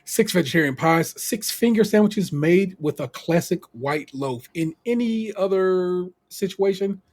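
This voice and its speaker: A lively, slangy man with a fairly high voice. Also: unhurried. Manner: animated and slangy, laughs often. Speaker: podcast co-host. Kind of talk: casual chat recapping a TV show.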